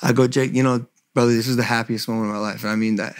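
A man's voice: medium pitch, level tone, very fast, smooth. A young man hosting a podcast, telling a story in casual, profane, emphatic speech. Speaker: podcast host.

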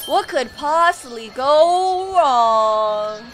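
A young woman hosting a reaction video, reacting excitably to scary clips with shrieks and laughs. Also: high voice, very slow. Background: music from the clips.

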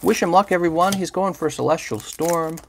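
A man's voice: fairly high pitch, normal speed, vocal fry, slight background noise. A man hosting a livestream, chatting casually and playfully while opening trading card packs and teasing viewers by name.

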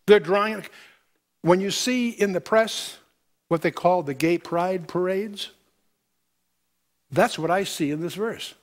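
A man's voice: high voice, slow, long pauses. A man giving a verse-by-verse Bible lecture, reading scripture aloud and breaking in with pointed commentary. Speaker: Bible teacher.

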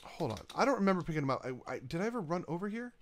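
A man's voice: high-pitched, sing-song, racing. A man casually talking through his game as he plays, chatting to himself and to the items he places. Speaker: gaming YouTuber. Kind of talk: casual let's-play commentary.

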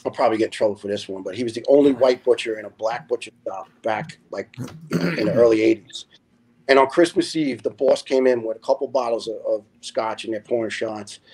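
A man, a retired firefighter telling lively stories as a podcast guest and acting out the people in them. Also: a little fast, husky. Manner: animated storyteller who acts out quoted people with big pitch jumps. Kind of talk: storytelling in a podcast interview.

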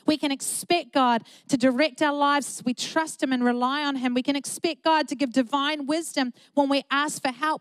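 A woman's voice: sits high, fairly even intonation, moderate pace, few pauses, no echo. A middle-aged woman pastor, preaching an earnest, emphatic sermon with repeated phrases.

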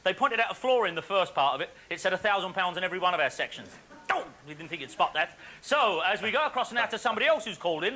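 A man presenting a phone-in quiz on a studio show, chatty and jokey with quick patter and frequent laughs. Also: high voice, bright, forceful tone. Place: TV studio with live audience. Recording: faint audience and studio noise.

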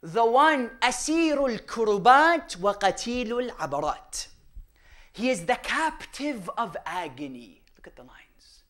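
A man giving a religious lecture, firing rhetorical questions at the audience and swinging between loud emphasis and hushed asides. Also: very high voice, big pitch swings, a little slow. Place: mosque or Islamic center hall.

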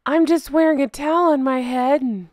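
A glamorous woman faking sadness, as a vlogger puts her on, with snide, sarcastic lines in a slightly high voice. The sound is dry and close. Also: fairly even intonation, normal speed, a little mellow, no room sound, close to an everyday voice. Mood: mocking. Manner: sarcastic, mocking. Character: fake-sad glamorous woman, mocked in first person.

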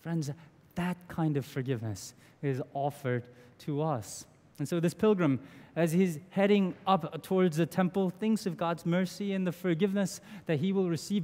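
A man's voice: fairly high pitch, normal speed, dark tone. A man in his thirties preaching a sermon in an earnest, conversational way, with small restarts. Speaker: pastor. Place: church sanctuary. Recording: long church reverb.

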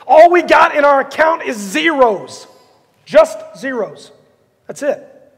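High-voiced gravelly preacher in a reverberant church. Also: male voice, slow pace. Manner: animated storytelling, acting out characters. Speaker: pastor. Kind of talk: sermon. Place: church sanctuary.

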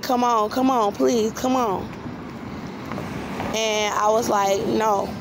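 A woman's voice: mid-range voice, vocal fry, noisy background. A woman telling a personal story in a rambling way, restarting and repeating herself often.

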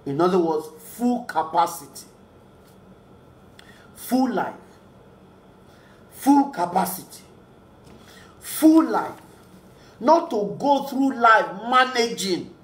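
A man's voice: high-pitched, sing-song, takes it slowly, long pauses, echoey room. A man preaching a sermon, earnest and repeating key phrases for emphasis.

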